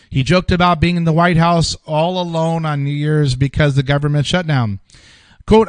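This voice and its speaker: A man's voice: fairly high pitch, moderate pace, dry recording. A man hosting a casual political commentary show, rambling through an article with frequent restarts and repeated words.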